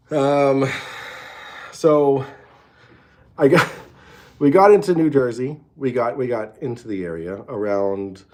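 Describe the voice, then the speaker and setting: A man's voice: medium pitch, darkish tone. Rambling, profane man chatting in a hotel room. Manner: rambling and profane, with many restarts. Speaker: show host. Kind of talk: casual late-night livestream chat.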